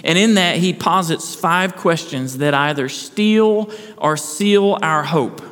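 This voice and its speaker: A man's voice: a little high, takes it slowly, fairly bright tone. Earnest male preacher in a reverberant hall. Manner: earnest preaching with repeated restarts, rhetorical questions. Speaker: pastor. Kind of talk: sermon. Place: church sanctuary.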